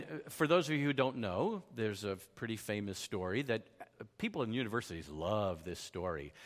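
A man telling a personal story in a sermon style, self-deprecating and animated, acting out the voices of the people he quotes. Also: medium pitch. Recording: long hall reverb.

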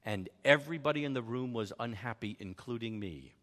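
A man telling a personal story in a sermon style, self-deprecating and animated, acting out the voices of the people he quotes. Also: mid-range voice, a little fast. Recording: long hall reverb.

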